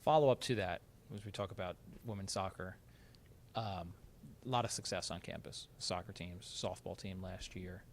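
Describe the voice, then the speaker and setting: A man hosting a sports interview, asking questions in a brisk, friendly way. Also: low-pitched, slight background noise. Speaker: interviewer, show host.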